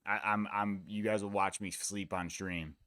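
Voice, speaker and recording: A man's voice: fairly low pitch, fairly even intonation, moderate pace, pushed and bright, dry recording, studio quality. A man from the United States hosting a live fight watch-along stream, talking in a laid-back, rambling, profane way. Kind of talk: casual chat.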